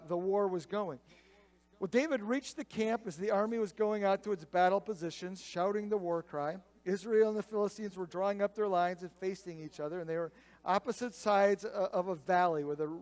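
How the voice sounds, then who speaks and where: A man's voice: high voice, a little mellow. A male pastor preaching a sermon, retelling a scripture story in a conversational way.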